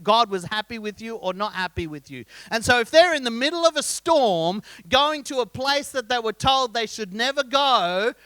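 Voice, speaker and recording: Bright, high preacher. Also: male voice, clean tone, dry recording. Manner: lively storyteller, jokes and quizzes the congregation. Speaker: pastor. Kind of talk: sermon.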